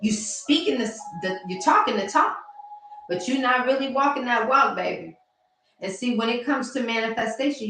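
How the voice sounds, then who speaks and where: Slow-talking woman coach in echoey room. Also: mid-range voice. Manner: warm, chatty, addresses viewers directly and reads their comments aloud. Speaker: mindset coach hosting a livestream. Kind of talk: casual motivational livestream talk. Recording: very echoey room with faint music.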